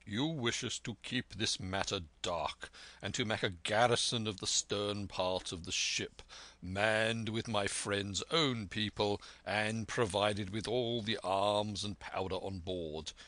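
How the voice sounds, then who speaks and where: A man voicing a calm, shrewd doctor with a dry wit who speaks in an urbane, composed manner in a storybook reading. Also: on the low side, slow, no room sound.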